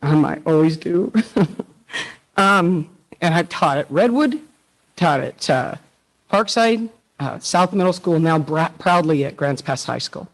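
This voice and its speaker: A woman's voice: fairly low pitch, lively intonation, takes it slowly, poor audio. A woman teacher giving an earnest tribute speech at a public meeting, emotional and close to tears, quoting poets and leaders.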